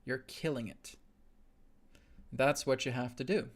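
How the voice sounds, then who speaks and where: A man's voice: medium pitch, unhurried. A male host giving a spiritual teaching on a live stream, earnest and repetitive, checking in with a frequent "right?".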